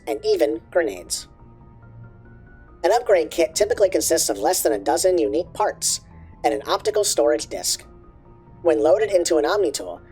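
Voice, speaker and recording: A man's voice: sits high, a little mellow, voice pushed up. A man reading encyclopedia entries aloud through an alien voice filter, with small slips and restarts. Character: filtered alien-sounding reader, male, calm. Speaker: streamer reading codex entries.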